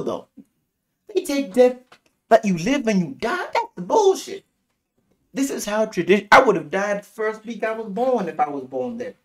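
A man from Africa giving a rambling, animated and profane casual review of a TV episode. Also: moderate pace. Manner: rambling, animated, profane, swings pitch widely. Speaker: TV show reviewer.

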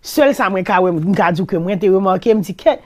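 Haitian-accented woman, show host, casual questions, soft listening sounds, mid pitch. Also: animated, fast talker. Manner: conversational questioning with soft backchannels. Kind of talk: casual interview.

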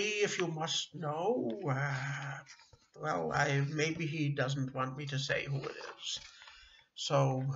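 A middle-aged man teaching a beginner language lesson online, halting often with fillers and restarting words. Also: fairly high pitch, fairly bright tone, lo-fi sound, slight background noise. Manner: halting, with frequent uh and self-corrections. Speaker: Yiddish teacher.

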